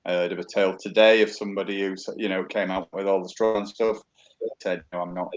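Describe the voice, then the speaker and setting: A man hosts a relaxed conversation and talks plainly and easily with his guest. His voice sits fairly low. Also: fairly quick, poor audio. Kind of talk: casual chat.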